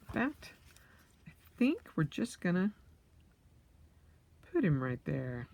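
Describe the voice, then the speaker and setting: A woman in her late thirties chatting her way through a casual unboxing vlog, thinking aloud with fillers and excited squeals. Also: mid-range voice, moderate pace, pauses often, slight background noise. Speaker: vlogger.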